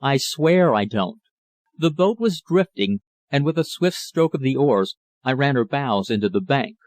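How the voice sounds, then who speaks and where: A man narrating a classic novel in a measured, literary reading style. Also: mid-range voice, darkish tone, no echo. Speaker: audiobook narrator. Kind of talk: scripted narration.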